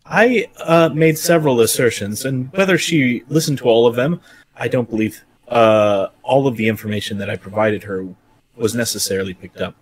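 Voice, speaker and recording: A man speaks in character during a tabletop game, choosing formal, wordy phrases and pausing often. His voice sits in a middle range. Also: mid-range voice. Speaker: player.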